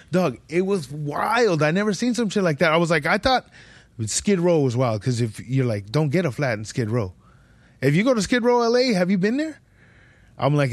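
A man's voice: on the high side, sing-song, moderate pace, no room sound. A young man, hosting a podcast and telling a rambling, slangy, profane travel story in casual chat. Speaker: podcast host.

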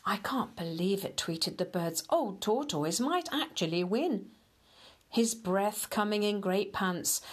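A woman reading a children's story aloud in a gentle, unhurried way, talking to the children directly. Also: medium pitch.

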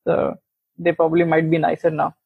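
Man, casual chat, blunt and wry, flat delivery, phone-like dry sound. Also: a little high, creaky, husky, no room sound. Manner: blunt, unhurried, wry remarks.

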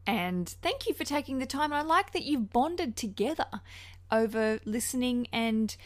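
A woman's voice: on the high side, expressive, moderate pace. A woman with a New Zealand accent hosting a podcast, chatty, gushing and frankly cheeky as she gives advice. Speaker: podcast host. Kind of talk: casual podcast chat.

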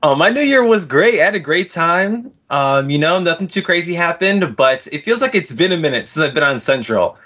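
A man's voice: fairly high pitch, lively intonation, brisk, few pauses, pushed and bright. A man appearing as a podcast guest, chatting with enthusiasm. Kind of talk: casual podcast chat.

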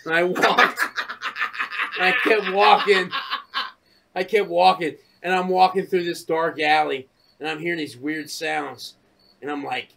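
A man co-hosting a casual podcast chat, telling stories full of swearing and acting out his own shouting. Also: sits high, a little slow, creaky, slight background noise. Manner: profane, animated storytelling, acts out shouting. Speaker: podcast co-host.

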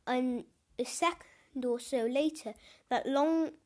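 A high-voiced woman reads a children's storybook aloud at an unhurried pace. Her delivery is gentle, with small stumbles over a word here and there, like a host running a storytelling corner.

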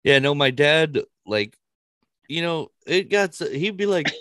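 A man's voice: on the high side, a little slow, no room sound. A man telling stories in casual chat, swearing freely and often breaking into laughter. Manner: animated storytelling with frequent laughter and swearing.

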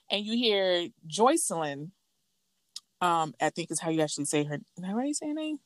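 Woman, casual gossip chat, animated storyteller, lowish voice, dry recording. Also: normal speed, no room sound. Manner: animated storytelling, acts out quotes in a higher voice.

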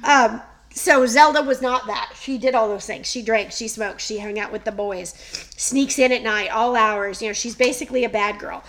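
A middle-aged woman co-hosting a podcast tells a story in relaxed, chatty conversation, often laughing. Her voice is on the high side and a bit bright, at a normal speed, with slight background noise.

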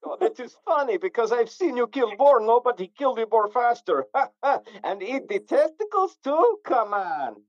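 A man's voice: very high-pitched, very animated, moderate pace, no room sound, lo-fi sound. A man doing a joking Eastern European bloke. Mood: boastful. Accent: put-on Eastern European accent. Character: boastful male Eastern European joker.

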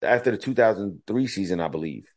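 A man's voice: lowish voice, quick pace. A man co-hosting a podcast in casual chat, telling stories with lots of swearing and quoted back-and-forth. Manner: profane, animated storytelling with quoted voices. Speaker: podcast co-host.

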